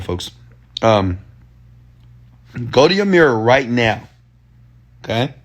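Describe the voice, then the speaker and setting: A man's voice: mid-range voice, fairly bright tone. A man giving a motivational rant in loose, slangy talk, pressing his audience with repeated commands. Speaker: entrepreneur and motivational speaker.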